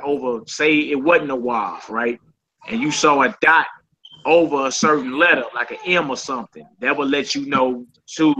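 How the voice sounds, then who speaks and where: A man's voice: mid-range voice, bright, forceful tone, a little hiss or hum, poor audio. A man teaching a Hebrew class in an informal, conversational way, often checking in with his students. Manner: informal, repeats "you know what I'm saying".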